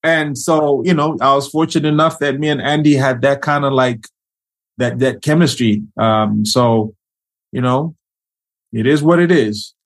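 A man, an actor guest, telling a casual story in an animated, slangy way and acting out quotes. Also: mid-range voice, a little slow.

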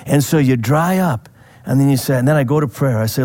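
A man preaching a sermon in a conversational way, asking the listeners questions and laughing softly now and then. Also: mid-range voice, fairly quick. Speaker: pastor.

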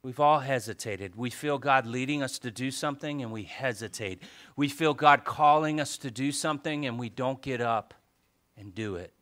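Lively bright-voiced male pastor preaching. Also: medium pitch. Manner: animated storytelling, swings from soft asides to loud exclamations. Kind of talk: sermon.

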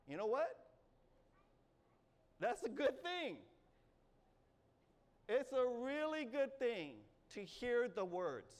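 High-voiced preaching man in a hall. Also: sing-song, takes it slowly, pauses often. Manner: earnest, repeats phrases, warm coaxing asides. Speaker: pastor. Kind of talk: sermon. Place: church sanctuary. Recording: reverberant church hall, faint ambience.

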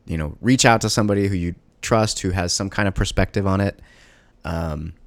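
Low-voiced father talking haltingly. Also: dry recording. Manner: halting, emotional, frequent fillers and restarts. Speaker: parent of a young child. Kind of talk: personal monologue.

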